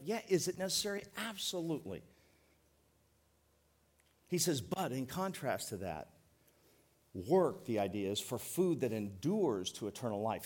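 Folksy pastor preaching, emphatic. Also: male voice, on the high side. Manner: folksy, joking, emphatic preaching with slowed stresses. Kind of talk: sermon.

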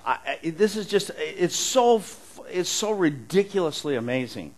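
A middle-aged man preaching a conversational sermon as pastor, animated, often restarting his words and chuckling as he talks. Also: high-pitched, moderate pace, rough recording.

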